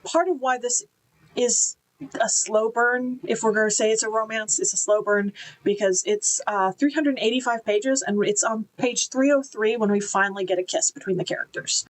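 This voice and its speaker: A woman's voice: fairly high pitch, normal speed, rough recording. A woman giving an enthusiastic, chatty book review, with casual fillers and restarts.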